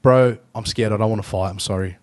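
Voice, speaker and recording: A man's voice: lowish voice, fairly even intonation, natural voice. A man doing a scared young pleading. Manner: pleading, hurried. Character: frightened young man pleading to avoid a fight.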